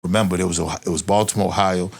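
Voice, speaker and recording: Interview guest, man, Boston accent, low-pitched, animated street storyteller. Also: racing, vocal fry. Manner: animated, profane street storytelling, rises in pitch when reliving tense moments. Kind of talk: casual storytelling.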